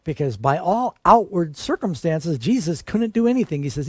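A man's voice: fairly high pitch, very animated, normal speed, few pauses, husky, no echo. A man preaching a sermon to a listening audience, earnest and telling stories with rising emphasis.

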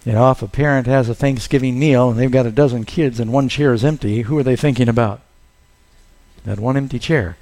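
A man's voice: mid-range voice, fairly quick, darkish tone. A man preaching a sermon as pastor, telling stories and acting out the lines he quotes in a raised voice.

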